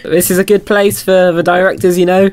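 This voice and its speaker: A man's voice: high voice, little pitch movement, brisk, a little mellow, a little hiss or hum. Jokey man hosting a gameplay chat. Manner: jokey, self-mocking. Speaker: host.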